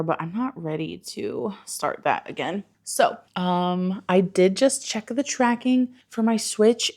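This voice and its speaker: A woman in her thirties talks loosely to the camera as she goes about her day at home. Her voice sits a little low. She rambles, curses offhandedly and slips into baby talk with her dog. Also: a little mellow. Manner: chatty and rambling, swears, coos at her dog. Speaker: vlogger. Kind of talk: casual day-in-the-life vlog. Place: home, indoors and in the yard.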